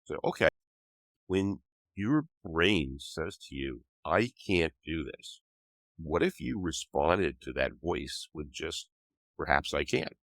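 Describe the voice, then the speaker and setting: A man's voice: rumbling low, expressive, takes it slowly, vocal fry, fairly bright tone, dry recording. An older man with a cold, patiently explaining ideas as a guest author in an interview. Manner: patient, teaching tone. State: has a cold.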